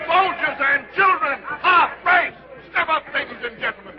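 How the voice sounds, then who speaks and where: An actor playing a booming, hard-selling carnival sideshow barker in a 1930s film. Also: male voice, normal speed, a crowd in the background. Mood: hawking. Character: loud male sideshow barker. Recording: dull 1930s film soundtrack.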